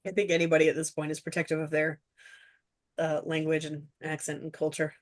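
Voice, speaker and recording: A woman's voice: low voice, level tone, a little fast. A woman who made the series, chatting casually and gratefully in a commentary, with a loose, rambling way of talking. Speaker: show creator and producer.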